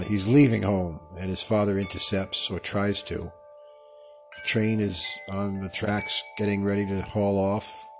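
A man hosting a live radio meditation show, talking in a meandering, digressive way and fumbling and correcting his own words as he goes. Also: on the low side. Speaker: radio host. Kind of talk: rambling meditation monologue.

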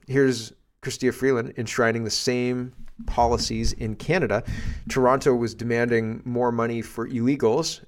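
A man's voice: mid-range voice, creaky. A man hosting a podcast, commenting bluntly and with indignation on clips he plays. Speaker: podcast host.

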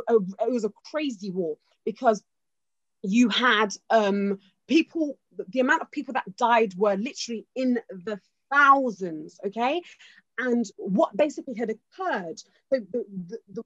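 A woman's voice: on the high side, dry recording. A woman giving an informal history talk in an emphatic way, often checking in with her listeners. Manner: emphatic, keeps checking in with "okay?". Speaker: speaker. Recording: dull lo-fi dry recording.

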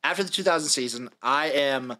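A man's voice: mid-range voice, fairly quick, bright, forceful tone. A man in his late twenties hosting a casual sports podcast, reading out dates and acts in turn with dry jokes. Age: late 20s. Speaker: podcast host.

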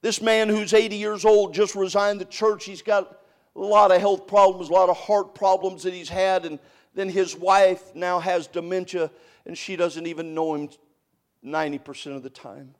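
An older man preaching a sermon, swinging between loud emphatic cries and hushed, quiet storytelling. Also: high-pitched, level tone, moderate pace.

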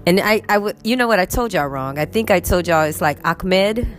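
Chatty Texan woman teacher, lowish voice. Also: fast, faint music behind. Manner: animated, chatty, acts out quotes. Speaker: English teacher. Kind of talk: casual storytelling vlog. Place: in bed at home.

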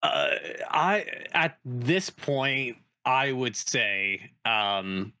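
A man playing a tabletop game, talking casually and haltingly while thinking aloud. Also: medium pitch, sing-song, bright, forceful tone, no room sound, clean studio sound. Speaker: player. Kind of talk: casual chat.

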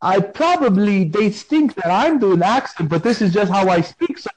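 A man's voice: high-pitched, lively intonation, moderate pace. A man hosting a podcast in a comic character persona, playfully insisting he has no accent, talking on a phone call.

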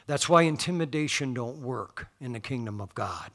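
A man's voice: medium pitch, animated, normal speed. A man preaching a folksy, emphatic sermon in a church. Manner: folksy, emphatic, rising to loud declarations.

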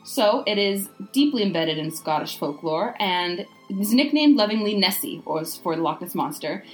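A woman's voice: mid-range voice, lively intonation, normal speed, soft background music, low-quality recording. An American woman co-hosting a casual podcast, rambling along with lots of filler words. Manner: rambling, full of "like" and "you know". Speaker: podcast co-host.

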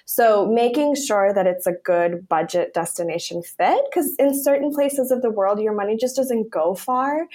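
A woman's voice: fairly high pitch, lively intonation, normal speed, few pauses, mellow. A woman who works as a travel planner, a guest on a podcast, talking in a rambling, casual way with frequent laughs and fillers. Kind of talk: casual chat.

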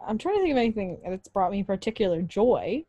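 A woman's voice: mid-range voice, very animated, fast talker, mellow, no echo. A young woman co-hosting a podcast, chatting enthusiastically about her week with jokes and laughs. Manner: bubbly, enthusiastic, jokey. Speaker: podcast co-host. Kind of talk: casual chat.

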